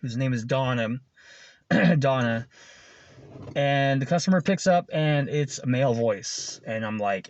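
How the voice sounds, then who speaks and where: A man's voice: mid-range voice, expressive, unhurried. A man who works as a food delivery driver telling a story in a casual, rambling way, swearing often and chuckling between lines. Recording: dull lo-fi recording.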